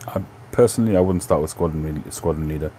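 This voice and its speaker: A middle-aged man with a London Cockney accent, hosting a livestream and casually answering viewer questions in a relaxed, rambling way with lots of ums and self-corrections. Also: very deep voice, fast, a little hiss or hum. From England. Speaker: livestream host.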